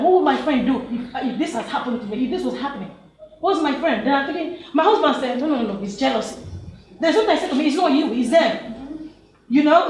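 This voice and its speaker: A woman from Nigeria speaking up from the audience at a panel, emphatic and laughing as she talks, with many restarts. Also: high voice. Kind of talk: impassioned comment from the floor. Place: university lecture hall. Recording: echoey lecture hall.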